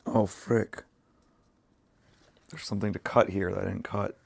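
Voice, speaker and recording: Low croaky guy with a sick voice rambling to his stream while crafting, dry close sound. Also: steady tone, measured pace, no echo. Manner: rambling, thinking aloud while working. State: sick, rough voice. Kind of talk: casual livestream chat while crafting.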